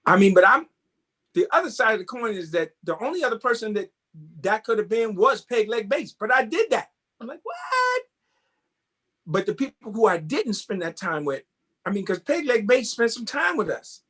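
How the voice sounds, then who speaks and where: Brief: man, fairly high voice, animated interview guest, casual storyteller. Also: brisk, breathy edge. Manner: animated, keeps asking "you know what I mean?". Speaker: guest, tap dancer.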